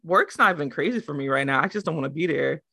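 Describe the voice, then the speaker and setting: A woman co-hosting a podcast in casual chat, profane, animated and teasing. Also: sits low, fast talker, creaky, no room sound, studio quality. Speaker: podcast co-host.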